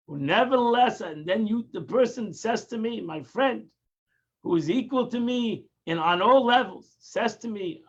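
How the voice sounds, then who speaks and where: A man's voice: high voice, expressive, measured pace, highs cut off. A man teaching a daily Tanya lesson, explaining patiently, repeating and restarting phrases and mixing in Hebrew terms. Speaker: Torah teacher.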